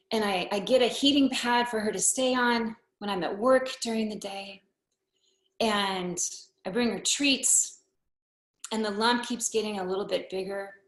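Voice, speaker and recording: A woman shares a personal story live on stage at an unhurried pace, wry in tone and deadpan in her asides. Her voice is medium-pitched, with a roomy echo from the hall.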